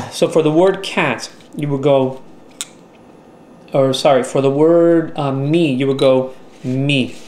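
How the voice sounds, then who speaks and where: Man explaining slowly in an echoey room. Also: medium pitch, darkish tone, slight background noise. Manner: slow, deliberate explanation with fillers. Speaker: teacher. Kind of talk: instructional video narration. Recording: echoey room with faint ambience.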